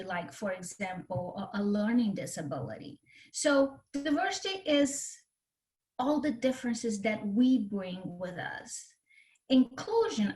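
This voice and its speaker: A woman from Brazil with a Brazilian Portuguese accent, a guest on a podcast interview explaining her ideas earnestly, sometimes repeating words. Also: fairly high pitch. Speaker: guest, cultural differences consultant.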